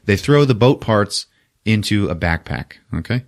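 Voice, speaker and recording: A man hosting a podcast, retelling a movie plot in a loose, profane, animated way and laughing at his own jokes. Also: lowish voice, normal speed, creaky. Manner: profane, animated retelling with sudden character voices. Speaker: podcast host. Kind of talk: casual movie recap.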